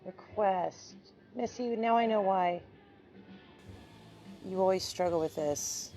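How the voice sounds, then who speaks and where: A woman's voice: mid-range voice, slow pace, mellow, faint music behind. A woman hosting a casual live stream, teasing her guest and swearing freely.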